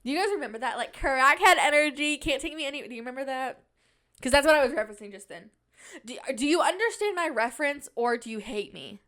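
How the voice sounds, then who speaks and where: A woman's voice: sits high, lively intonation, fast talker, pushed and bright. A young woman hosting a casual solo podcast, telling rambling stories with jokey asides. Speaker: podcast host. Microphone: podcast microphone on a stand.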